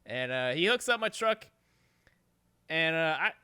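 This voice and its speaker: A man's voice: on the high side, measured pace, clean tone, no echo, clean studio sound. A man hosting a podcast, telling a long story casually with constant swearing and rambling asides. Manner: profane, rambling, animated storytelling. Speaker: podcast host.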